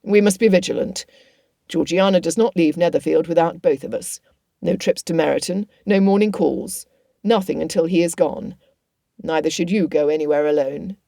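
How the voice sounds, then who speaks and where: A woman reading an audiobook voices a protective young officer, speaking roughly and earnestly. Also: low-pitched, moderate pace, mellow, no room sound, studio quality. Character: wry protective cousin, a young army officer.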